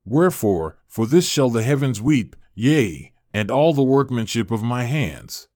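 A man voicing God as a stern, sorrowing eternal deity in a scripture reading, in grave, measured declarations. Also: mid-range voice, sing-song, a little mellow, dry recording, clean studio sound.

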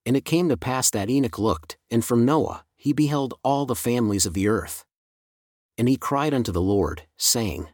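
A man reads scripture aloud in a solemn, measured, unhurried manner. His voice sits at an ordinary middle pitch, and the recording is close and dry, with no room around it. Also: expressive, a little mellow, no echo. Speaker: scripture reader. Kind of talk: scripture reading.

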